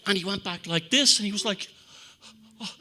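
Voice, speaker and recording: A man giving a talk to an audience, telling stories in an animated, profane way and acting out quotes. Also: sits high, fast talker. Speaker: speaker at a talk. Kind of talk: anecdotal public talk to an audience.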